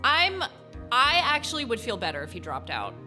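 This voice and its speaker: Giggly twenties let's-play host, lively and high; game music bed. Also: female voice, normal speed. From United States. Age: 20s. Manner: giggly, rambling, chatty. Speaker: gaming channel host.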